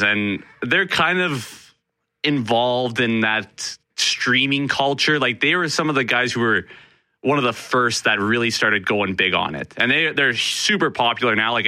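A man from Canada chats on a radio show with a bright, forward voice. The studio sound is close and dry, and he talks quickly and animatedly, often laughing along. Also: medium pitch, no room sound. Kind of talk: casual radio chat.

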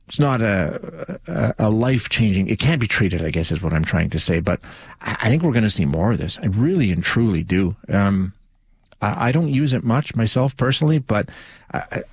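A radio talk show host with a fairly low voice delivers a casual call-in show monologue, full of restarts and fillers. The recording has no room sound.

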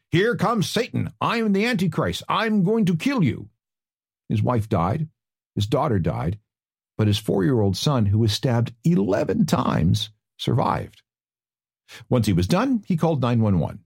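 A man's voice: on the low side, gravelly, warm tone, slightly rough. A man hosting a radio talk segment, telling stories with wry asides. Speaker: radio host.

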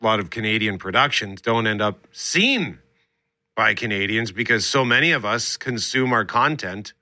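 A man hosting a talk radio show, reading out survey findings and chatting in a relaxed way with his co-host. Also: on the low side, normal speed, no room sound. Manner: relaxed, reads survey findings, chuckles along.

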